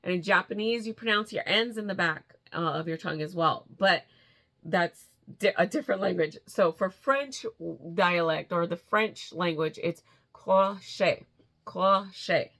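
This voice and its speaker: Excitable chatty middle-aged woman. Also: medium pitch. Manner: chatty and excitable, laughs often, trails off and restarts. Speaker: vlogger. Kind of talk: casual chat. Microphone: camera in front, steps back and forth.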